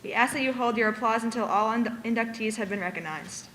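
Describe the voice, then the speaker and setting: A woman's voice: on the high side, fast talker, a bit bright, a little hiss or hum. A woman presenting at a school ceremony, making formal announcements in a large hall.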